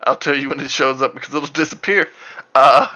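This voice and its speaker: A man's voice: mid-range voice, fairly even intonation, brisk, sharp tone, muffled recording, soft background music. A man playing a tabletop game, chatting casually, rambling and laughing as he jokes with the group. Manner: rambling, joking, laughs often. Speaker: player.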